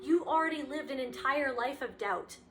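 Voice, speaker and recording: A woman with a slightly high voice gives a spiritual reading, speaking straight to the listener. She is impassioned and repeats her phrases as she goes. A steady hiss sits under the recording. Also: moderate pace. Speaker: spiritual reader. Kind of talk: intuitive card reading to camera.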